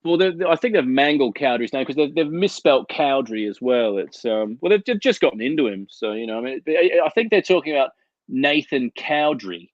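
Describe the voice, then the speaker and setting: His medium-pitched voice is expressive and fairly quick as he co-hosts a casual comics chat over video call, rambling through profane anecdotes. He's at home out in the desert; the audio is dull, lo-fi and without room sound.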